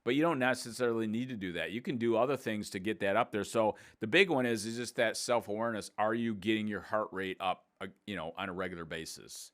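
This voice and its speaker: A man's voice: lowish voice, fast talker, few pauses. A man in his sixties, a fitness coach and podcast host, explaining exercises in a casual, upbeat, plain-spoken way. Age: 60s. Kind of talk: casual instructional podcast talk.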